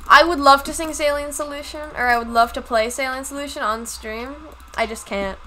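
A woman's voice: fairly high pitch, measured pace, pushed and bright, a little hiss or hum, poor audio. A woman streaming a game live, chatting casually and giggling, with a self-deprecating manner.

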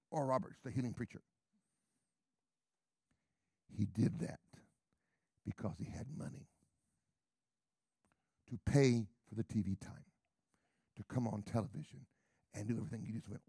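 An emphatic middle-aged man preaches a sermon in a gravelly, husky voice. His pitch swings widely as he repeats questions and moves from hushed asides to loud calls. The sound is dry and close. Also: no room sound.

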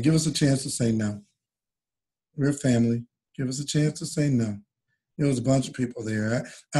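A man's voice: mid-range voice, dark tone, rough recording. A man speaking on a team conference call as a leader, earnest and direct, addressing everyone like family. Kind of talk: call-in remarks.

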